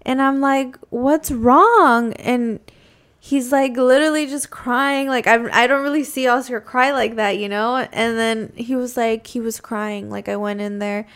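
A woman's voice: on the high side, fairly even intonation, normal speed, clear, resonant tone. A woman co-hosting a podcast, telling a story in casual chat, full of ums and likes. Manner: many fillers, um and like. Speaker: podcast co-host.

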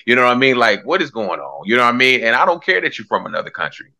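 Deep-voiced, blunt podcast man. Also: fast, few pauses, muffled recording. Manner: blunt, animated, mocking impressions. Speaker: podcast co-host. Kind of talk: casual comedic chat.

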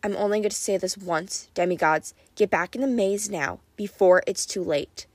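A woman voicing a gruff, menacing older male cowherd in an audiobook, with a low drawl. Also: moderate pace, no echo, natural voice.

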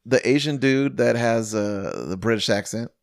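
Rambling casual man, middle pitch. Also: normal speed, creaky, no echo, clean studio sound. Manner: rambling, filler-heavy, profane. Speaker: podcast co-host. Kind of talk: casual chat.

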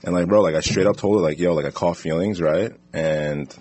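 A man's voice: sits low, fairly quick, darkish tone, husky. A young man joking, laughing and swearing through a dare game with his friends.

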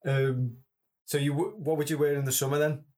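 A man's voice: fairly high pitch, fairly even intonation, a little fast, dark tone. A man hosting a casual interview, rambling and joking.

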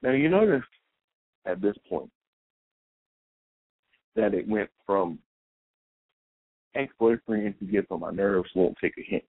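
Deep-voiced man telling a story, phone-line sound. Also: lively intonation, slow pace, pauses often, husky, dry recording. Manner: rambling anecdotal, quotes both sides of dialogue. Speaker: podcast host. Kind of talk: storytelling monologue. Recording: tinny phone-like dry recording.

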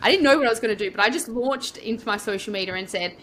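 Aussie woman guest, bright sharp voice, chatty and rambly, acts out what she was thinking. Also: a little high, very fast, hardly any pauses, a little hiss or hum. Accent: Australian. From Australia. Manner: chatty, rambling, acts out her own past thoughts. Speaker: podcast guest, property coach. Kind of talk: casual storytelling interview.

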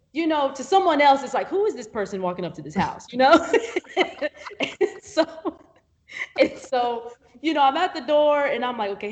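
A woman guest on a podcast, telling a work story in a casual chat, acting out quotes with laughs and fillers. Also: fairly high pitch. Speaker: videographer guest.

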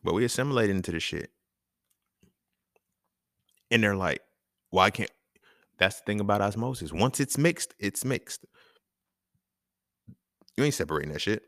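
A young man hosting a casual podcast monologue, talking in an animated, profane way and laughing often. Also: on the low side, moderate pace, long pauses, no echo, studio quality. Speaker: podcast host.

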